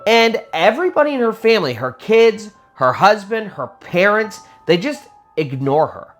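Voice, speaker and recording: A man's voice: sits high, very animated, moderate pace, a bit bright, soft background music. A man telling a spooky true story in a casual, conversational way, full of little fillers. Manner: conversational, many fillers like "kind of" and "sort of".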